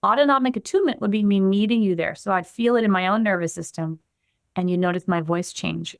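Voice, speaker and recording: A woman guest on a podcast explaining her practice in an animated way, acting out the voices of the people in her examples. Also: mid-range voice, fast, no echo, studio quality. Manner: animated, acts out the quotes she gives. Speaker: guest, somatic trauma practitioner.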